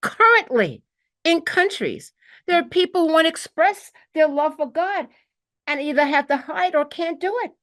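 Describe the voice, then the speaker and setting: In a high, slightly bright voice at normal speed, an animated woman from New York with a Brooklyn accent gives a group an earnest spiritual talk. The teacher peppers her words with "okay" and dramatizes the quotes.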